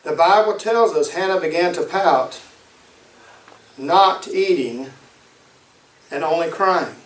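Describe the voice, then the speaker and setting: A man preaches a sermon in a fairly high voice and drives points home by repeating them. He sounds set back from the mic in an echoey room. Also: takes it slowly, distant mic. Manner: emphatic, repeats key phrases.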